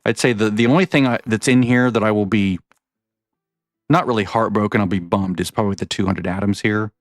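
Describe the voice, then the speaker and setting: Speaking a little fast in a lowish voice with no echo, a man comments casually over his gameplay as a gaming vlogger. His talk is chatty and rambling, and he often pauses to correct himself.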